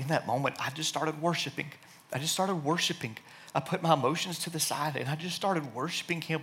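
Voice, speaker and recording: A man with a slightly high, bright, forceful voice tells a personal testimony. He speaks earnestly and with feeling, sometimes falling to a hushed near-whisper and often restarting his sentences. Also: breathy edge. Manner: earnest, emotional storytelling with restarts; hushed, soft-spoken in quiet passages.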